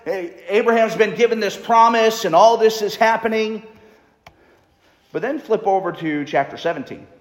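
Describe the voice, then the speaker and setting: A man's voice: high voice, normal speed. A man preaching a sermon in a conversational way, reading scripture aloud. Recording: echoey hall reverb.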